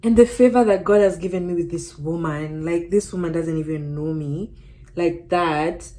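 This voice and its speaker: Casual young woman student vlogging, earnest and animated, talks while getting ready. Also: on the low side, moderate pace. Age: young adult. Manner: earnest, animated storytelling, often says "like".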